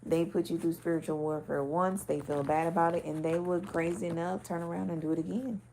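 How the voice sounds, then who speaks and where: A woman's voice: on the low side, steady tone, a little fast, background noise. A woman giving a casual intuitive reading, talking loosely and bluntly with swearing and many filler words. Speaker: spiritual card reader.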